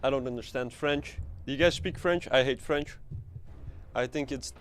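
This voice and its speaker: A man's voice: mid-range voice, moderate pace, slight background noise. Guy streaming a game, rambly and joking around, swears a bit. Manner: rambling, playful, swears casually. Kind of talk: casual live game stream chat.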